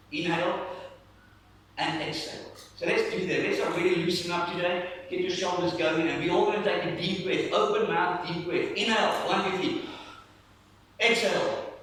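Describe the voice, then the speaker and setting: A male pastor preaching a lively sermon to his congregation, guiding them through breathing along the way. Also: mid-range voice, a little hiss or hum. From South Africa. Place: church hall. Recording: echoey church hall, mic at a distance.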